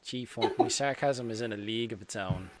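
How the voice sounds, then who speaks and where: A man's voice: on the low side, fairly quick, a little hiss or hum. An Irish man hosting a casual hobby livestream, bantering, swearing and reading out chat comments. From Ireland. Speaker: host.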